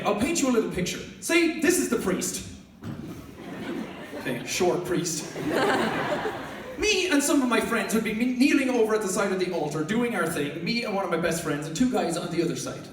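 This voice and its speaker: Hosting a live show in a big concert hall, a young man from Ireland tells comic stories to the audience in a high-pitched, energetic, loud and jokey way, often laughing mid-sentence. The stand-up storytelling is captured from a distance in an echoey hall, with background noise and a loud crowd.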